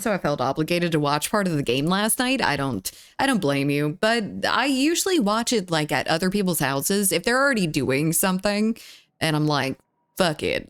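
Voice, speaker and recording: Playful young woman streamer, lowish voice. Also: very animated, moderate pace, no echo, clean studio sound. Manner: chatty and playful, greets viewers by name. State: slightly rough voice. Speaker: live streamer. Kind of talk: casual live-stream chat, reading chat aloud.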